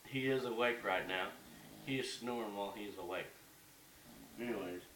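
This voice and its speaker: A man's voice: on the low side, moderate pace, a bit bright. A young man ranting in a casual home vlog, heated and profane, rambling as he goes. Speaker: vlogger. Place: bedroom at home. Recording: echoey room, mic at a distance, faint hiss.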